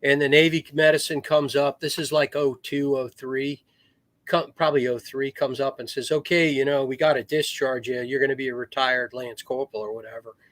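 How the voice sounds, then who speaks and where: A middle-aged man, a retired Marine officer, tells rambling war stories in a casual podcast chat, restarting often and acting out the voices he quotes. His voice is mid-range and fairly bright, delivered flatly and a little fast. The recording is dry.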